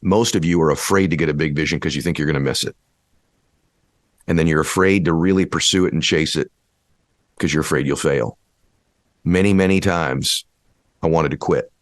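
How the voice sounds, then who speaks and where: A man giving a motivational speech, preachy and building to impassioned shouting. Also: very deep voice, normal speed, long pauses, no echo, clean studio sound. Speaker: motivational speaker.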